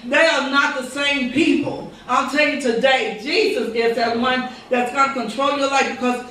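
Heard from far off in an echoey sanctuary, a woman preaches fervently, repeating phrases and using rhetorical quotes. Her high voice has a sharp tone, fairly even intonation and a moderate pace, with slight background noise.

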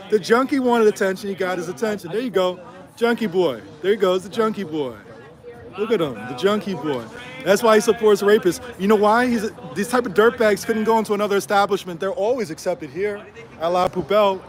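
A man heckling on a livestream outside a restaurant, taunting in mocking, repetitive jabs. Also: high voice. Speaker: protester filming a street confrontation. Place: city street at night outside a restaurant.

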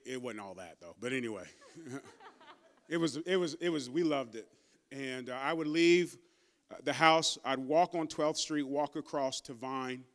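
A man pastor preaching a sermon, emphatic and calling out to his congregation, and stumbling over his words when emotional. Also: mid-range voice. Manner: stammers and repeats when emotional.

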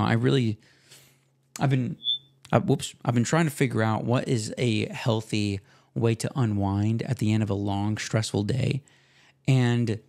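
A young man hosting his own podcast, talking casually in a rambling, self-deprecating way with slang and restarts, relaxed after smoking. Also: mid-range voice, creaky. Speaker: podcast host. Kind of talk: casual solo podcast monologue.

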